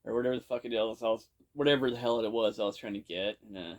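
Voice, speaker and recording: A man's voice: on the low side, fast. A man casually telling a story from his own past, rambling and swearing constantly, with lots of "you know". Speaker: podcast storyteller. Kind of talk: casual first-person storytelling.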